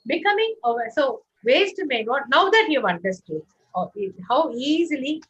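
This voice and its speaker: Woman, husky, lively, coaxing, online lecture, muffled call audio. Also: a little high. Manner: animated, coaxing participants to respond. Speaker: speaker leading an online workshop. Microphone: video call.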